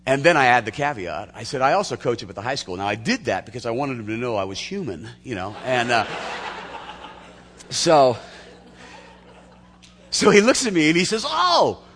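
A man preaching a sermon as a pastor, telling stories in an animated way with restarts and laughter. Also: mid-range voice, normal speed, long pauses, in a large hall.

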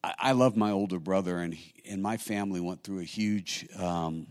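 A middle-aged male pastor delivering a sermon in a fairly low voice. He talks to the congregation in an easy, conversational way, then climbs into loud, emphatic bursts to drive a point home. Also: normal speed. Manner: conversational preaching, swelling to loud emphatic peaks.

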